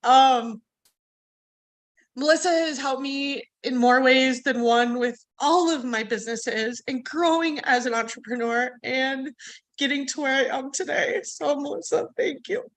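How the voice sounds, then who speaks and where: A nervous woman speaks to an online summit over a video call, her voice sitting a little high. She laughs often and fills her pauses with ums as she talks about her life. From United States. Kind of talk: nervous personal talk.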